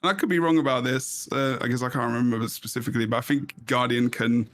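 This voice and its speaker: A man co-casting a live online game tournament in an easygoing way, laughing often and calling plays with excitement. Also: mid-range voice, fast. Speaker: esports co-caster. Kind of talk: live esports commentary.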